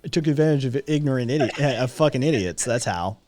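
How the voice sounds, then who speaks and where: A man's voice: medium pitch, expressive, quick pace, darkish tone, no room sound, soft background music. A British-born man co-hosting a podcast, rambling and sarcastic in casual chat, swearing heavily. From Britain. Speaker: podcast co-host.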